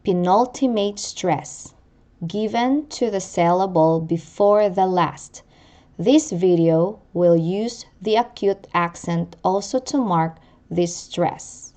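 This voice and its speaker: A woman gives a language lesson in a slow, unhurried voice, pronouncing each example with deliberate care and repeating it. Her voice sits a little low for a woman, and she keeps an instructional, patient delivery throughout. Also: dark tone. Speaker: language teacher.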